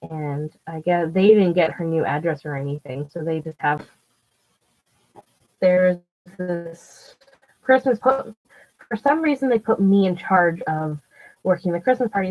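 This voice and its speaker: A woman vlogger telling stories in a casual, rambling way, full of "like", restarts and swearing. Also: lowish voice. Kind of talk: casual storytelling. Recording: dull lo-fi recording with faint music.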